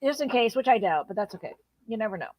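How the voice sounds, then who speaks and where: A woman's voice: on the high side, expressive, fast, background noise. A woman hosting a casual livestream chat, chatty and playful, thinking aloud with fillers. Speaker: host.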